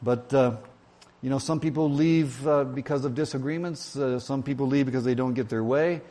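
A man's voice: mid-range voice, moderate pace, dark tone. A man preaching as a pastor in a church, telling an old joke in a folksy, self-deprecating way with many fillers. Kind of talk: sermon with a told joke.

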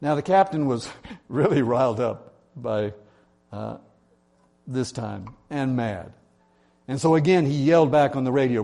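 A man's voice: medium pitch, expressive, measured pace, vocal fry, pauses often, dark tone. A male pastor preaching a sermon, telling an illustrative story in an earnest way.

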